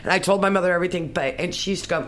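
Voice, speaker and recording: A middle-aged woman with a deep, sultry voice, chatting playfully as a guest on a talk show. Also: very fast. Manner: lively, playful storytelling. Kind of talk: casual talk show chat.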